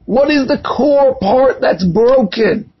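Male preacher, very high and husky voice, impassioned storyteller, muffled lo-fi recording. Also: animated, slow pace. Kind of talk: sermon with parable.

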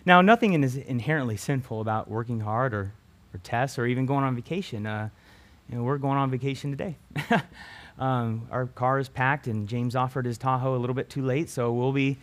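A man teaching a Bible passage to a group of students in a relaxed, conversational sermon. He tags his sentences with "right?" and often restarts a phrase before finishing it. His voice sits in a middle pitch. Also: brisk. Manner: keeps adding "right?" tag questions.

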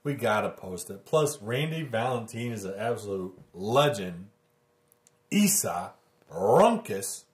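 A man co-hosting a podcast in loose, excited casual chat, swearing freely. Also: lowish voice, moderate pace, few pauses, echoey room. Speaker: podcast co-host.

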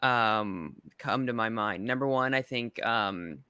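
A man's voice: on the low side, slow pace, bright, forceful tone, clear, resonant tone, no echo. Joking man in his late thirties. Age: 30s. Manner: joking, self-deprecating. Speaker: podcast guest. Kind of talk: casual chat.

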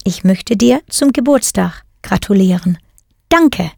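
A woman's voice: mid-range voice, animated, measured pace, gravelly, dark tone, no room sound, clean studio sound. A woman narrating a scripted audio language lesson, patiently prompting the learner and then confirming each answer. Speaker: language teacher.

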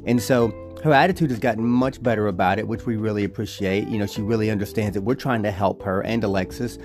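A man's voice: lowish voice, fast, music in the background. A man from Georgia, a father chatting casually on a family vlog, rambling at an easy pace. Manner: relaxed, rambling, with restarts. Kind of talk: casual chat.

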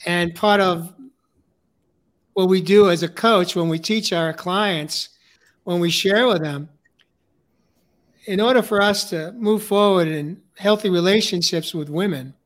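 An older man, a life coach, talking earnestly in casual conversation, halting with fillers. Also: high-pitched.

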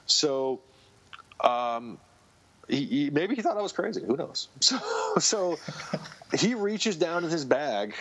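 A man's voice: a little high, sing-song, takes it slowly, pauses often, noisy background. A man, a guest on a podcast, telling stories in casual conversation, rambling and restarting his sentences often. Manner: rambling storyteller with frequent restarts. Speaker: guest, comic book writer. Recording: dull lo-fi recording.

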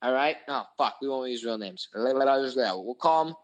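A young man telling a crude, profane story in a casual chat, animated and full of swearing. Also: mid-range voice, unhurried, poor audio. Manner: animated, crude, swears a lot, voices his own anger. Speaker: podcast host telling a story.

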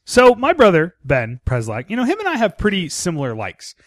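A man's voice: high voice, wildly swooping pitch, fairly quick, no room sound. A young man hosting a casual horror podcast, goofy and laughing at himself. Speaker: podcast host.

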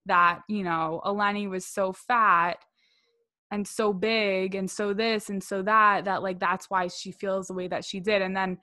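A young woman co-hosts a podcast in casual, rambling chat, leaning on "like" and "you know". Her voice sits mid-pitch and sounds dry and close, with no room echo. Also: flat delivery, unhurried, sharp tone. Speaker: podcast co-host.

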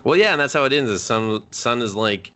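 A man's voice: mid-range voice, fairly quick. A man co-hosting a podcast, casually retelling an anime plot with lots of swearing and acted-out lines. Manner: animated retelling, acting out characters' lines; swears freely. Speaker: podcast co-host. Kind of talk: casual anime review chat.

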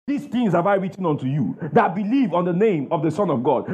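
Emphatic high-pitched preacher man. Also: big pitch swings, brisk, few pauses, a little mellow, husky. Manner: emphatic call-and-response, asks the crowd "what?". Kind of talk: sermon. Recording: dull lo-fi sound.

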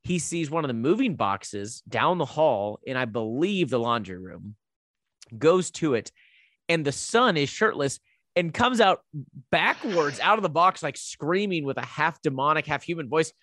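A man casually recapping a horror movie plot as a podcast co-host, telling it with lively asides. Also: on the high side, normal speed, dry recording, studio quality.

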